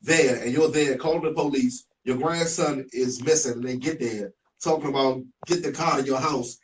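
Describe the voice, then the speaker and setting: A man's voice: mid-range voice, normal speed, a little hiss or hum. Sympathetic man interviewer, off-mic. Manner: sympathetic, incredulous follow-ups. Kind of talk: interview questions. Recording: voice off-mic, distant.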